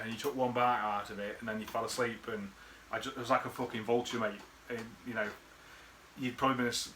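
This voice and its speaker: Guy, bright tense voice, rambling and sweary, faint background hiss. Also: medium pitch. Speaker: friend recording a birthday message. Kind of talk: casual rambling reminiscence.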